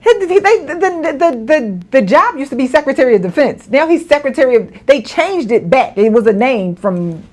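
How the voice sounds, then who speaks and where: A woman co-hosting a casual commentary chat, animated and laughing, with mock-outraged asides. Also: high voice, normal speed, few pauses. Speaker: podcast co-host.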